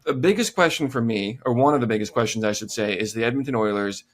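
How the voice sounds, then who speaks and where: A man co-hosting a hockey podcast talks through playoff goaltending in a measured, conversational tone. His voice sits at an ordinary middle pitch. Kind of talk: casual sports chat.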